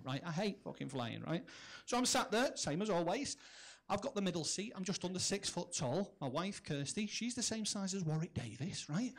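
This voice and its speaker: Brash high-voiced comic. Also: male voice, animated, a little fast. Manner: brash, punchy storytelling full of swearing. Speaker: stand-up comedian. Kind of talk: stand-up comedy. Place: comedy club stage.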